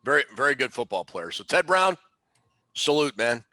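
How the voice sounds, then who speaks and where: A man's voice: mid-range voice, big pitch swings, moderate pace, bright, forceful tone, no room sound, low-quality recording. A man co-hosting a casual sports podcast, recounting game plays in detail. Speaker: podcast co-host.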